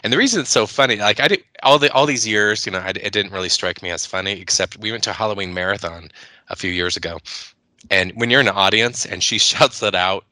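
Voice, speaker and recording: Male co-host, deep but bright tone, dry close sound, chatty and halting. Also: no room sound. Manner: laughs often, halting restarts. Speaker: podcast co-host. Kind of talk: casual chat about movies.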